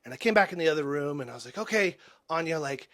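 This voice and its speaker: A man in his forties, a podcast guest telling personal stories in an earnest, halting way, often restarting and dropping soft and quiet. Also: on the high side, lively intonation. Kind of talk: reflective personal storytelling.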